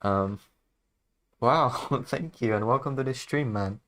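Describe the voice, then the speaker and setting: Slow-talking laid-back male streamer. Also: mid-range voice, fairly bright tone. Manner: laid-back, chuckles often, trails off mid-sentence. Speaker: music producer streaming. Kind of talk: casual livestream chat.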